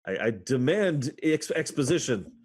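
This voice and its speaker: A man's voice: medium pitch, sing-song, moderate pace, a little mellow, slight background noise. A man playing a tabletop game, joking and theatrical. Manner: playful, jokey, theatrical. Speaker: player.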